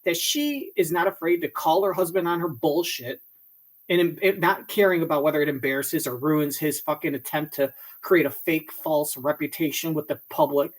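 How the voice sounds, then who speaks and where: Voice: mid-range voice, moderate pace. A reaction commentator ranting sarcastically over show clips and swearing freely. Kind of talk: profane comedic rant over clips.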